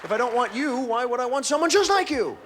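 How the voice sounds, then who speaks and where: A man's voice: very high voice, very animated, quick pace, a bit bright, some chatter behind. A man doing a dry, wry stand-up routine who puts questions to the audience. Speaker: stand-up comedian. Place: stage before a live audience. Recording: noisy live stage recording.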